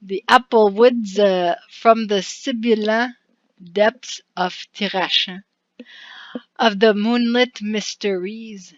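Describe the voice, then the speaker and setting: A woman's voice: mid-range voice, steady tone, takes it slowly, no room sound, dull audio. A woman casually narrating a video game, reading its text aloud with chatty asides and frequent laughs. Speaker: let's-play narrator.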